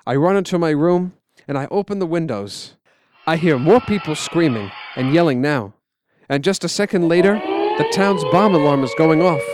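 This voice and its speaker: A man telling a story in quiet, measured, scripted narration. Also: fairly high pitch, background noise.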